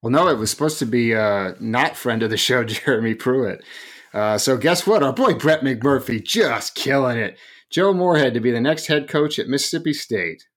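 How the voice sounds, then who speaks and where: Animated joking man on a podcast. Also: medium pitch, normal speed. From rural area. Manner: animated, jokey, lively storytelling. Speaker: podcast co-host. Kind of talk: casual podcast chat.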